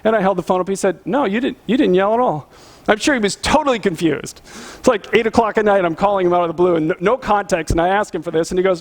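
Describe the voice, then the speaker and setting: A middle-aged man, a pastor, preaching a sermon and telling a personal story in an animated, earnest way. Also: high voice, fast talker.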